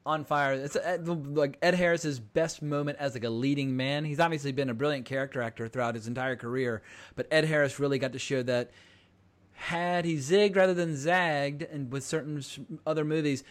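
A man hosting a casual film podcast, talking in a chatty, rambling, playful way. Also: medium pitch. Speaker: podcast host.

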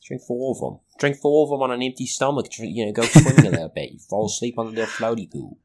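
A man doing a hammy Aussie beer ad guy. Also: moderate pace. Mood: hammy salesy. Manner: drawled, over-the-top ad pitch. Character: cheesy Australian beer-commercial announcer man.

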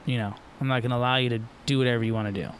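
Middle-aged florida guy rambling on a podcast, tons of fillers, normal pitch, faint noise behind. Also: steady tone, rapid-fire. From Florida, USA. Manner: loose and rambling, full of fillers and restarts. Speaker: guest, professional surfer. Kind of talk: casual podcast conversation.

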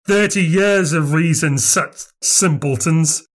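A man voicing a small, sinister bearded stranger who talks in low, breathless, conceited tones. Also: slow. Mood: conceited cryptic. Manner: conceited, cryptic.

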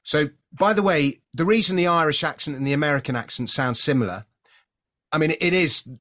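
Middle-aged man from London, interview host, opinionated, chatty, halting starts. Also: on the high side, fairly bright tone. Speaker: podcast host. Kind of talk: conversational interview.

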